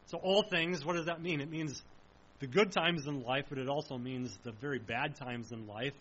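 A man preaches a sermon with a high, bright voice. His delivery is earnest and emphatic, and he slows right down to stress the key lines. The recording sounds dull and lo-fi. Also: fairly even intonation, slight background noise.

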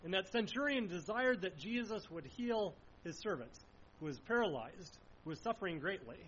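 A man's voice: high-pitched, lively intonation, moderate pace, fairly bright tone, lo-fi sound, a little hiss or hum. A man preaching a sermon in an earnest way, asking rhetorical questions as he explains the passage. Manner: earnest, uses rhetorical questions, some restarts.

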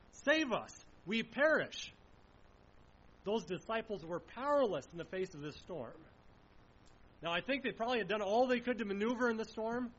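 A man with a fairly high voice preaching earnestly, often pausing to pose rhetorical questions to his listeners. The recording is dull and lo-fi, with a faint rumble underneath. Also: fairly bright tone. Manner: earnest, uses rhetorical questions, some restarts. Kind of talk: sermon.

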